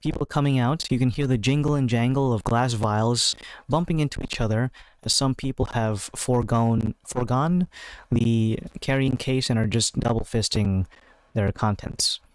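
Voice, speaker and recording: A man acting as game master for an online tabletop game, describing scenes slowly and piling on fillers as he goes. His voice sits at an ordinary pitch, recorded close and dry with no room sound. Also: dry recording, rough recording. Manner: descriptive, unhurried, with many fillers.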